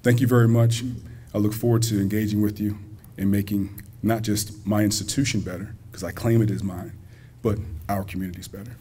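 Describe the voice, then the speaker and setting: In a lowish, mellow voice with a level tone, a man speaking as a college president talks fairly quickly, hardly pausing. His public speech at a community banquet in a school hall is folksy and joking, addressed straight to the audience, with a slight hiss or hum behind it.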